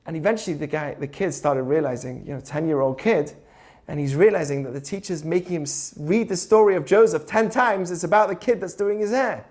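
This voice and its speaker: Male teacher, higher-pitched voice, casual storytelling lesson that keeps asking the listener questions. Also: fairly quick, darkish tone. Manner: conversational, asks rhetorical questions, tells stories. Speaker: teacher of Jewish ethics. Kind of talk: informal teaching talk.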